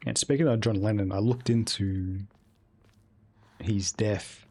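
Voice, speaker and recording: A man's voice: on the low side, fairly even intonation, measured pace, a little mellow, breathy edge. A young man streaming a video game live, chatting casually and rambling, with plenty of swearing. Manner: rambling, profane, laid-back. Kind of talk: casual live-stream chat while gaming.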